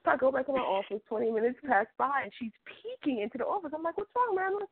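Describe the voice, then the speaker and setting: A woman author chatting as a guest, an animated storyteller who acts out the dialogue in her stories. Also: high-pitched, fast talker, husky, no echo. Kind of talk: casual chat. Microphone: phone. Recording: phone line.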